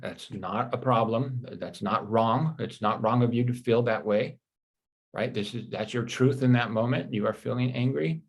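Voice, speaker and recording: A man's voice: mid-range voice, normal speed, creaky, slightly rough. A man giving a live life-coaching session, talking in a reassuring, conversational way and often checking in with "right?". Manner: reads viewer comments aloud.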